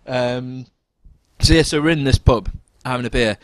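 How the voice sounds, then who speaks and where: A man's voice: normal speed, no room sound. Man, podcast co-host, casual storytelling, dry close sound. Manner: animated, jumps into high-pitched quoted voices.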